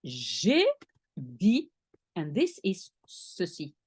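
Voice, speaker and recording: A woman's voice: lowish voice, huge pitch swings, extremely slow, a little mellow, slightly rough, no echo, studio quality. A woman teaching a French lesson in English, explaining patiently step by step and spelling out each French word. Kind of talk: language lesson.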